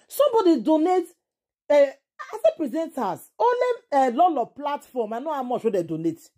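A woman's voice: high voice, very animated, normal speed, mellow. A woman with a Nigerian accent giving casual vlog commentary, indignant and exclaiming, firing off rhetorical questions. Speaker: entertainment vlogger.

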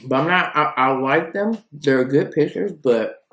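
A woman's voice: low-pitched, a little slow, a bit bright. Chatty woman tasting food in an echoey room. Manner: chatty, rambling, thinks aloud between bites. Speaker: food reviewer. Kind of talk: casual food tasting vlog.

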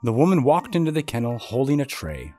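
Expressive man reading a kids' story. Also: medium pitch, fairly quick. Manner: expressive, voices the characters. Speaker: children's story reader. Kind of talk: storybook read-aloud.

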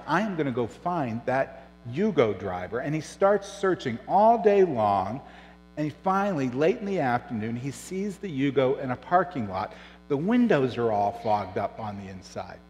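Middle-aged pastor preaching in a reverberant church. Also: male voice, a little hiss or hum. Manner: storytelling preacher, drops soft and low on serious points. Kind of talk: sermon.

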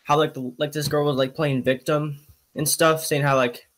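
A man's voice: a little high, little pitch movement, normal speed, fairly bright tone. A man on a voice call talking hesitantly, packing his speech with fillers. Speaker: call participant. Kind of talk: casual call chat. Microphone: voice chat call.

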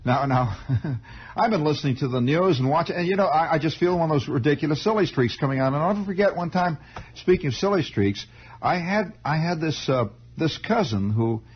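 Man, radio host, rambling storytelling monologue, raspy voice, dull lo-fi 1960s broadcast sound. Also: fairly high pitch, a little fast. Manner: digressive, animated, self-interrupting with stammered restarts.

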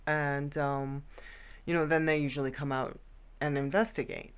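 A woman's voice: low-pitched, steady tone, normal speed, smooth. A woman casually telling a rambling, affectionate story about her pets at home. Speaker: vlogger. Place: home bedroom.

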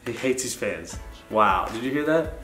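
A man's voice: medium pitch, lively intonation, normal speed, a bit bright. Young man telling a teasing story. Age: 20s. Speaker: host. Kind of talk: casual chat. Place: indoors, a house. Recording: echoey room with faint music, mic at a distance.

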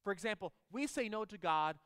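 A man's voice: high-pitched, expressive, a little fast, a bit bright, clear, resonant tone, big-room sound. A man preaching a sermon as pastor, emphatic and putting questions to the congregation.

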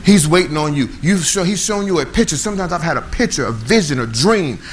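A middle-aged man, preaching a conversational, animated sermon with call-and-response to a church. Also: on the high side, fast, a little hiss or hum, rough recording. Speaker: pastor. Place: church sanctuary.

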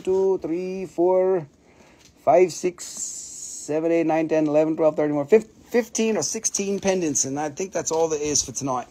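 An excitable man hosts a live crystal sales stream, gushing over each piece and swearing freely. His voice sits fairly high for a man.

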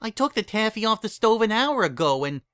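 A man's voice: high-pitched, very animated, a little fast, a bit bright, clean tone, dry recording, clean studio sound, pitched above the performer's own voice. A man voicing a busy young female pony who runs a candy shop, in a dramatic story reading. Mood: dismissive. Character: young mare candy maker, busy and harried.

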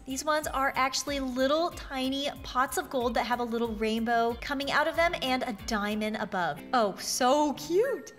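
A bubbly woman chatters through excited gameplay commentary, her voice sitting high and bright as she gushes over every new find. She gasps with delight often and keeps a quick, breathless sense of wonder. Soft music plays faintly underneath her. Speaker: YouTuber showing items in an online game.

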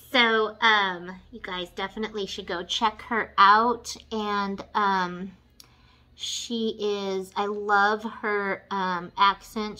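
A woman, chatting excitedly through a makeup tutorial and gushing over the colors. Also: medium pitch, poor audio. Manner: gushing, excitable, says "you guys" and "y'all". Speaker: beauty vlogger. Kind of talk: casual makeup tutorial chat.

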